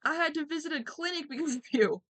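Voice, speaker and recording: A woman doing a shrill, furious gullible man. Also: fast talker. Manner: shrill, shouting, outraged. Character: furious gullible young man ranting in caps.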